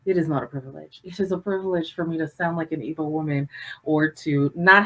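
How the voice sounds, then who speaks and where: A woman's voice: low voice, a little fast, a bit bright. Impassioned woman panellist, emphatic. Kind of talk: panel discussion.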